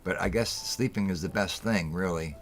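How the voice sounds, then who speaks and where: A middle-aged man with a low, deep voice hosts a casual talk show. He tells his stories bluntly and heatedly, swears freely and repeats lines to drive them home. Faint music plays behind him. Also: moderate pace. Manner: heated storytelling, blunt and profane, repeats himself for emphasis. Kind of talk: casual call-in show monologue.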